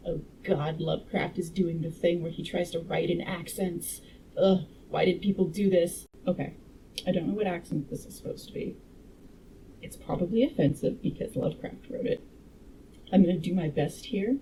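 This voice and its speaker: A woman's voice: mid-range voice, normal speed, dark tone, a little hiss or hum, low-quality recording. A woman reading a classic horror story aloud and breaking off for wry, sarcastic comments. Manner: wry, sarcastic asides between passages. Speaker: audiobook reader and commentator.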